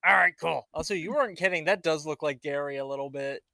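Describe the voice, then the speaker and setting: Gravelly, bright-voiced young man player. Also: on the high side, quick pace, dry recording. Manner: curious, questioning. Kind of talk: casual tabletop game chat.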